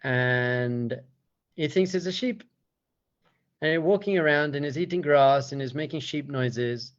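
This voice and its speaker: Rabbi guy teaching and telling stories, lively, slightly high voice, dull lo-fi audio. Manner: animated, rapid storyteller. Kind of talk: teaching talk with storytelling.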